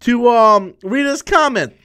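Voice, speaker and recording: Speaking at a measured pace in a very high-pitched, smooth voice, a YouTube host in his thirties reads and answers viewer messages on his live stream. Tired after a long work shift, he still rambles excitably with many restarts.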